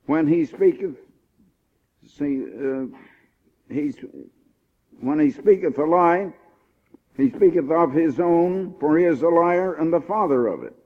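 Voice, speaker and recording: Male preacher, emphatic sermon delivery, slightly high voice, tinny lo-fi recording. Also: darkish tone. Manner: emphatic, rising on key points, slows for scripture. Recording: tinny phone-like old recording.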